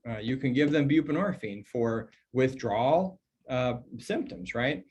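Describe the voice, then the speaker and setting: Middle-aged guy doctor giving a talk, casual and lively, lots of "like" and "you know", average pitch. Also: unhurried, highs cut off, a little hiss or hum. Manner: conversational and animated, many fillers, mock dialogues in a put-on voice. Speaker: emergency physician and toxicologist presenting a training. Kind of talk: recorded medical training lecture.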